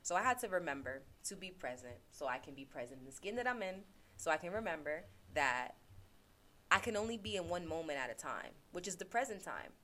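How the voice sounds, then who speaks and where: Low-voiced woman, earnest motivational chat. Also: lively intonation, a little fast, pushed and bright. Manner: earnest, repeats phrases for emphasis. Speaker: podcast host; teacher. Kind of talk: casual motivational self-reflection. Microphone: laptop.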